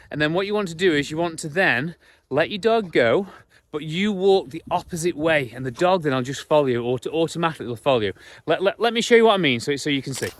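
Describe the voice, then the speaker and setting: A dog trainer, his voice a little high, chats casually while walking around a cold field and demonstrating training step by step. He repeats words and gives his dog commands. The mic sits at a distance and picks up a little hiss or hum.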